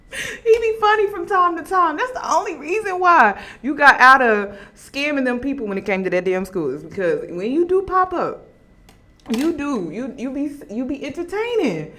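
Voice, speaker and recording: A woman giving casual commentary to her viewers, animated and laughing as she talks. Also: sits high, moderate pace. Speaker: commentary vlogger.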